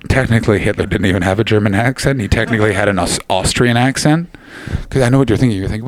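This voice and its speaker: A man's voice: fairly low pitch, fast talker. A man hosting a live comedy podcast, riffing brashly with the audience and swearing freely. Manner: brash, swearing, self-mocking riffs. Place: live venue before audience.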